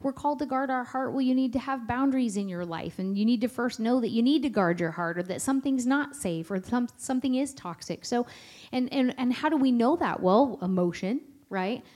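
A woman gives a conference talk on parenting, her voice fairly high but warm and mellow. She builds gently on her co-speaker's points and sounds calm and reflective. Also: a little fast.

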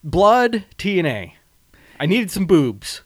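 A podcast co-host whose pitch swings widely as he talks. His delivery sits a little high and close to a dry mic. He jokes bluntly and laughs easily. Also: very animated, dry recording. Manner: blunt, crude and jokey, quick to laugh. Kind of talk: casual film discussion.

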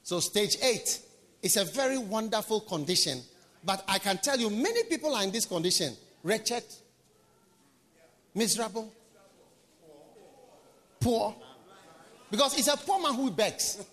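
A male pastor preaching an emphatic, repetitive sermon in a high, bright voice. He swings between hushed lines and shouts, and a long reverb fills the large conference hall. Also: animated, unhurried, long pauses.

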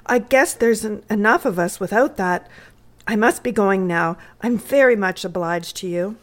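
A woman's voice: mid-range voice, moderate pace, lightly acted. A woman voicing a shy, polite poor little boy in a readers' theatre story reading.

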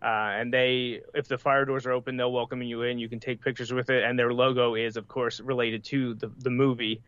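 A man guesting on a casual podcast, explaining facts in a measured way with fillers. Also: medium pitch, little pitch movement, a bit bright. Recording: dull, dry lo-fi sound.

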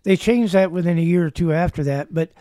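A man in his seventies with a high, mellow voice tells rambling stories with a dry sense of humor. He sounds close to the mic in a dry, dead room. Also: fairly quick, no echo. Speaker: guest, former backcountry ranger. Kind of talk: casual storytelling.

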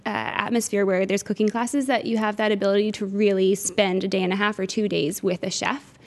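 A middle-aged Newfoundland woman speaks at medium pitch in a steady tone, a little on the fast side. She's an interview guest who organizes cooking classes, and she answers conversationally, eager, warm and chatty, with plenty of "uh"s.

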